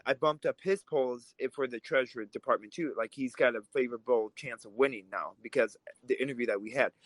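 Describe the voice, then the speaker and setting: A man's voice: mid-range voice, fairly bright tone, no room sound, rough recording. A man who grew up in Russia, co-hosting a political podcast, talking in a heated, emphatic way. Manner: fired up, emphatic, swears when angry. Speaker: podcast co-host.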